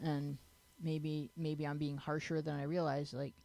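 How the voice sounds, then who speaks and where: A woman's voice: low voice, level tone, measured pace, vocal fry, mellow, no echo. A woman hosting a teen panel talk show, giving frank advice in a chatty, joking way and often restarting her sentences.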